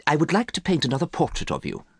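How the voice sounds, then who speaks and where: A man's voice: a little high, huge pitch swings, quick pace, husky, no echo, studio quality, pitched above the performer's own voice, heavily acted. A man voicing a worried, earnest male painter who pleads with a friend, in a storybook reading. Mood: puzzled. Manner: pleading, anxious.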